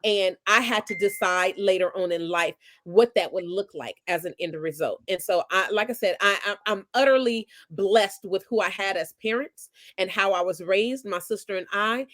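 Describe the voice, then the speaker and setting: A woman's voice: mid-range voice, moderate pace, hardly any pauses, a bit bright. A woman in her forties, a guest author in an interview, with a mid-range voice. She tells personal stories in an earnest, reflective way and often restarts her sentences. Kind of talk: conversational interview.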